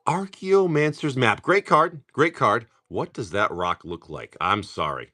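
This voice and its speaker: Animated, swearing card-break streamer guy. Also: medium pitch, unhurried. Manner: upbeat, swears casually, greets viewers by name. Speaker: live-stream host opening card packs. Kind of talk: casual live-stream chat.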